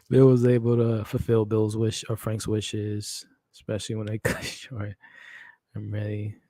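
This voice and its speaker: A young adult man hosting a live stream, moved and chatty, talking straight to his viewers and his dog in loose slangy speech. His voice sits at an ordinary middle pitch and sounds close and dry, with almost no room around it. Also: completely flat delivery, unhurried, darkish tone, dry recording. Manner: emotional, talks to chat and his dog, slangy. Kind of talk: casual live watch-along chat.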